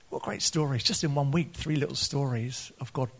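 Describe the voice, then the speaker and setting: A man preaching a sermon, earnest, laughing often, and rising to excited peaks. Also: medium pitch, moderate pace, gravelly. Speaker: pastor.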